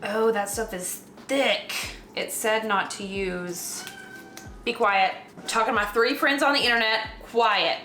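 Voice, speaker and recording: A woman's voice: fairly high pitch, a little slow, bright, forceful tone, soft background music. Southern woman with a slight lisp, roomy echo. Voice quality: slight lisp from a dental flipper. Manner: self-deprecating, jokey, talks to herself. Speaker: vlogger. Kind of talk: casual rambling chat while baking. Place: home kitchen.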